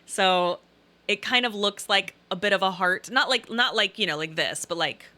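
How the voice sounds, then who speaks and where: A woman's voice: mid-range voice, normal speed, bright, forceful tone. A middle-aged woman from Southern Illinois with a faint Southern Illinois accent, rambling emphatically and repeating herself in casual live-stream chat while reading out comments.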